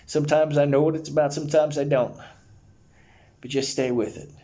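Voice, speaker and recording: Guy leading breathwork, mellow voice, encouraging, casual "man" and "dude" talk. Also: a little high, level tone, brisk. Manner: earnest, encouraging, casual slang. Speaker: breathwork facilitator. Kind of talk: guided breathwork session.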